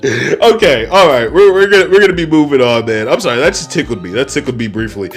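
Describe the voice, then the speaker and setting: A man's voice: mid-range voice, fast, faint music behind. Profane rambling man reviewing wrestling. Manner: rambling, profane, excitable, laughs often. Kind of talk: casual review monologue.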